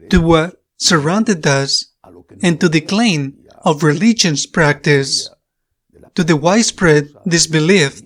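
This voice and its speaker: A male priest whose first language is Spanish, giving a sermon in slow, measured phrases that repeat for emphasis. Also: fairly high pitch, a bit bright.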